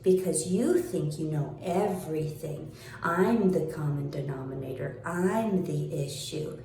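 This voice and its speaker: A woman ranting in a vlog, sarcastic and mocking, swearing and swinging between high taunts and low mutters. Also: measured pace, dark tone. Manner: sarcastic, mocking, calls the listener "honey". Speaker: vlogger. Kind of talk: angry vlog rant. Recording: very echoey room.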